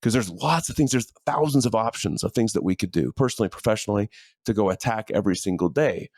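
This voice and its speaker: Middle-aged male podcast host, lower pitch, earnest and conversational, dry close studio mic in a home office. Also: fast, a little mellow, no echo. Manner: earnest, conversational, with frequent fillers and restarts. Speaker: podcast host and leadership coach. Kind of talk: casual motivational monologue. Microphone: studio microphone in a home office.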